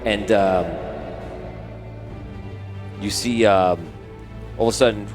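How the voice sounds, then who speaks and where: A man's voice: fairly low pitch, fairly even intonation, slow. A man narrating a tabletop game as game master, rambling with many fillers, over background music.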